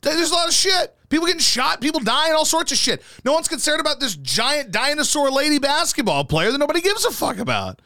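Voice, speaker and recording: High, lively, profane ranting man. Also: a little fast, hardly any pauses, no echo. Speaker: podcast host. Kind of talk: casual opinionated chat.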